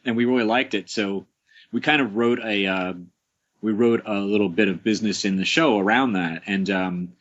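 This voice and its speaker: The podcast guest, creator of a show, talks through how he makes it in a relaxed, rambling way, with plenty of fillers, restarts and small chuckles. His voice is fairly low and fairly bright at a normal pace, captured in dull lo-fi audio.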